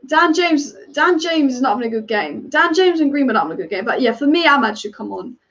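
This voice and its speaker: A woman hosts a live football watch-along stream, chatting rapid-fire and sharing strong opinions as she reacts to the match and reads viewer comments. Her high voice has lively intonation and a fairly bright tone, with lo-fi sound.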